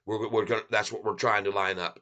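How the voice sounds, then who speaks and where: A man's voice: lowish voice, fairly even intonation, quick pace, a crowd in the background. A man hosting his own channel, talking to viewers in a folksy, rambling, heartfelt way from his home. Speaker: channel host. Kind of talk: casual chat to viewers. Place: home in Michigan.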